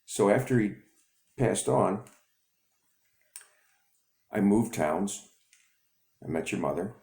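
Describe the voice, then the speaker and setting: A remorseful middle-aged father , put on by a preacher, speaks in a halting, confessional way. His voice is low and gravelly, with a mellow tone. It sounds like an echoey room. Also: expressive, full character voice.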